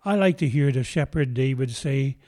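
A man preaching a sermon, telling a story gently and slowing down to stress lines of scripture. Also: medium pitch, no echo, studio quality. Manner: slow deliberate emphasis on scripture, gentle storytelling. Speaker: pastor.

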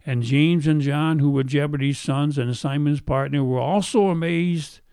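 A man's voice: a little high, normal speed, dark tone, clean tone, no echo, clean studio sound. A middle-aged male pastor preaching a sermon. He has a faint brogue-like sound left from a speech impediment, repeats phrases for emphasis and asks his listeners questions.

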